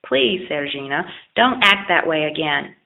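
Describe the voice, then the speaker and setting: A woman voicing a kind, patient old male fisherman in a children's storybook, speaking gently and pleadingly. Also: low-pitched, animated, measured pace. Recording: lo-fi phone-like audio.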